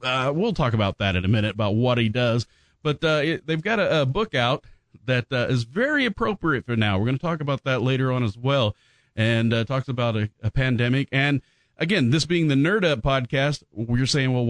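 A man hosting a podcast, chatty and upbeat, laughing often and filling pauses with "uh". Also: medium pitch, no room sound. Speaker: podcast host. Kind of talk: casual podcast chat.

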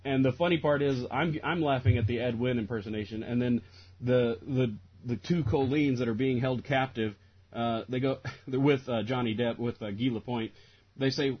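A man's voice: mid-range voice, moderate pace, breathy edge. A man on a podcast, chatting casually about a film, rambling with lots of restarts and laughter. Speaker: podcast co-host reviewing a film. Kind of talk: casual chat. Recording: dull lo-fi audio.

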